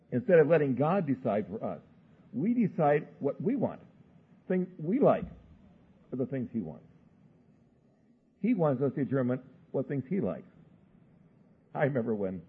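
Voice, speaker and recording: A man preaching a sermon, telling homely stories in a folksy way and slowing down for searching questions. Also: medium pitch, breathy edge. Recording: muffled phone-like sound.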